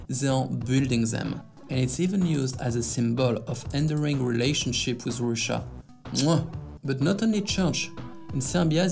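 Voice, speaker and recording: A man's voice: mid-range voice, gravelly, a little mellow. A man hosting a sarcastic news commentary vlog, with mocking asides, over faint background music.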